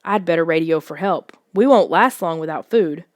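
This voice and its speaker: A woman's voice: fairly low pitch, moderate pace, dry recording, studio quality, natural voice. A woman reading the lines of a father in an audiobook, friendly and questioning. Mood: concerned. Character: father, a man with a camera. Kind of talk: audiobook character voice.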